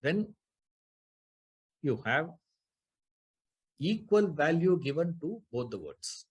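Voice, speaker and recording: A man's voice: on the high side, big pitch swings, takes it slowly, slightly rough. A man teaching a scripture class, explaining Sanskrit grammar, repeating key terms and putting rhetorical questions to his listeners.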